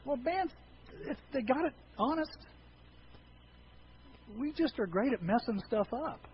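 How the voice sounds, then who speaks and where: Folksy preacher, high male voice. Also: muffled recording, slight background noise. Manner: folksy storytelling with jokes. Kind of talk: humorous sermon.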